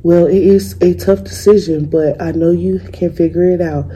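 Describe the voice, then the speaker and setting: A woman's voice: fairly low pitch, moderate pace, slightly rough, rough recording. A woman reading a firm, loving mother. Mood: gentle. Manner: calm and firm.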